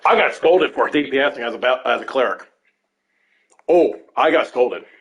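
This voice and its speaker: A man's voice: medium pitch, expressive, normal speed, fairly bright tone, dull audio. A man telling rambling raid stories over gameplay, swearing constantly in casual commentary. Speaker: gamer recounting raid stories.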